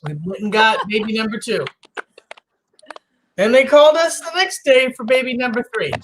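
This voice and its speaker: A middle-aged woman chatting casually, telling stories with animated acted-out quotes and frequent laughs. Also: on the high side, normal speed, a little hiss or hum, rough recording. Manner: animated storytelling, acts out quotes, laughs often. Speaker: host. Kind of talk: casual chat.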